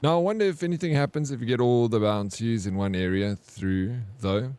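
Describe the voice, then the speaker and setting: A man's voice: medium pitch, a little fast, darkish tone, clear, resonant tone, no room sound. A man streaming a game and chatting casually with his viewers, teasing them back in playful banter. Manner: playful teasing banter, reads chat aloud.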